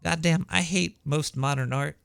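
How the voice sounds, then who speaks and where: A man voicing a paranoid cartoon rat host with a shrill voice and a Brooklyn accent, rambling conspiratorially with many stumbling restarts. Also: normal speed, gravelly, a bit bright, smooth, dry recording, clean studio sound. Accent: Brooklyn New York. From Brooklyn, New York. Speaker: podcast host. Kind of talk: rambling comedic monologue. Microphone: home setup.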